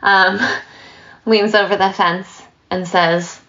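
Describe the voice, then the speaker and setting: A woman giving a dharma talk as a meditation teacher, relaxed and storytelling, with light laughs and asides. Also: mid-range voice, slow pace, muffled recording.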